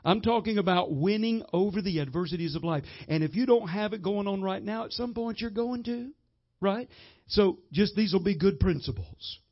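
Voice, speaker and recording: A man's voice: high-pitched, normal speed. A middle-aged man preaching as a guest minister, telling a story and repeating phrases to his congregation. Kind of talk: sermon with storytelling. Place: church hall with congregation. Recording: muffled lo-fi sermon recording.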